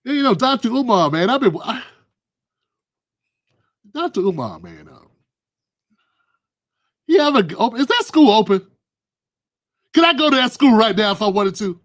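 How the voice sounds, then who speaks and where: A man's voice: very high-pitched, very animated, moderate pace, long pauses, no room sound, clean studio sound. A middle-aged man hosting a livestream, ranting through political commentary in a blunt, aggressive and profane way. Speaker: livestream host.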